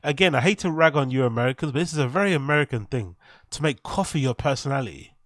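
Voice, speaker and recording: An English man hosting a casual live reaction stream, joking crudely and shouting out viewers in chat. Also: mid-range voice, lively intonation, quick pace, no room sound, clean studio sound.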